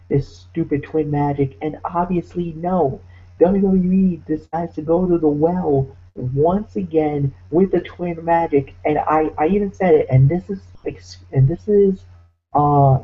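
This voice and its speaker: A man's voice: a little high, narrow, tinny audio. A man co-hosting a wrestling podcast, ranting in a heated, exasperated way. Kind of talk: ranting commentary.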